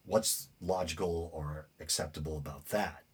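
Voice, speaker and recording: A man's voice: sits low, fairly even intonation, moderate pace, slightly rough. A man with a New England accent hosting a show, reading news stories aloud with many fillers and rambling, indignant asides. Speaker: podcast host. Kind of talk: casual commentary reading news.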